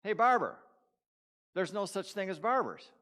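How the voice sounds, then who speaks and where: A man voicing a calm, patient male pastor inside a joke he tells during a sermon. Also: on the high side, fairly quick, pitched above the performer's own voice. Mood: pointed.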